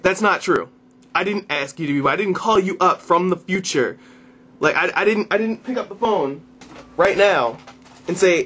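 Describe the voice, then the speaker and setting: A young man with a high voice rants straight into his camera, exasperated and full of swearing. He keeps circling back, repeating phrases and restarting sentences as he builds his complaint. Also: moderate pace, fairly bright tone, husky, muffled recording. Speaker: vlogger. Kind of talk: ranting to camera.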